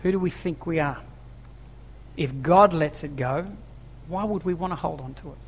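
With a breathy edge to his somewhat high voice, a pastor preaches at a moderate pace in a church hall. He's emphatic, returning to key phrases and posing rhetorical questions, and a long, echoing reverb surrounds him.

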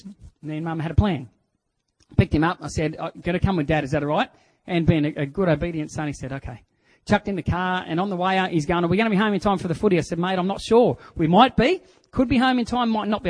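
A middle-aged Australian man preaching a sermon, telling stories and acting out voices, swinging from hushed to loud. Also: high voice, rough recording. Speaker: pastor.

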